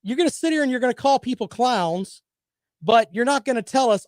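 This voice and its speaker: A man's voice: very high voice, lively intonation, fairly quick, no echo, clean studio sound. A man hosting a sports talk show, delivering opinionated, sarcastic commentary in a combative, rambling way.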